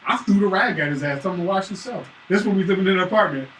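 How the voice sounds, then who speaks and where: A man chatting casually and acting out stories about his son, profane and animated. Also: high-pitched, rapid-fire. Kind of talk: casual chat, storytelling. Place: room at a live stream. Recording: roomy, distant mic, faint hiss.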